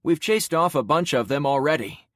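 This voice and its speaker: Male narrator as a commanding survivor leader, blunt, animated, dry sound. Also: fairly high pitch, normal speed, no room sound, voice pushed up.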